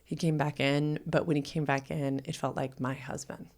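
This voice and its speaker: Low gravelly lady host, emotional story, keeps sinking into whispers. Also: level tone, moderate pace, darkish tone. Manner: emotional, often drops to a whisper. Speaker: podcast host and sex educator. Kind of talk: personal storytelling.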